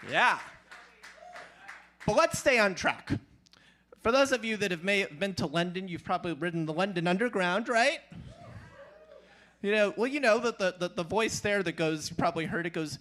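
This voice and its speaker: An animated man on a small club stage telling comic stories, playful and loud. His voice is high and bright and swings widely. He throws in lively asides. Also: normal speed, pauses often. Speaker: storyteller, comedian. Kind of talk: live stand-up storytelling.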